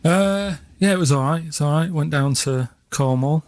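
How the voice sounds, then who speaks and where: A man's voice: a little high, normal speed, a little mellow. A man from Manchester, a regular on a radio show, chatting in a plain, matter-of-fact way in the studio. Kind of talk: casual radio banter. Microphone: studio microphone.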